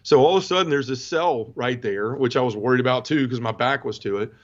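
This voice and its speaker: Through dull, lo-fi audio, a fast-talking, medium-pitched guest in his forties recounts his personal testimony to a podcast host. His tone is earnest and conversational, and he frequently addresses the host directly.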